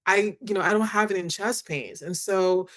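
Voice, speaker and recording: A middle-aged woman, a guest on a podcast, candidly telling her story in a chatty, animated way, with many fillers and lots of quoted dialogue. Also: mid-range voice, normal speed. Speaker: guest, attorney and author.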